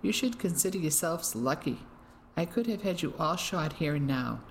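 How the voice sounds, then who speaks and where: A woman's voice: low voice, animated, normal speed, creaky, slight background noise, low-quality recording. A woman reading the part of a smug, cruel male Nazi officer with a mocking, menacing manner. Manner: mocking, menacing, self-satisfied.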